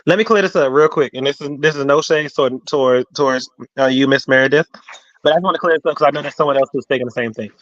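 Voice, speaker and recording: A man hosting a casual online chat, explaining things in an animated way, acting out quotes and reading viewer comments aloud. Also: mid-range voice, fast, no room sound, muffled recording.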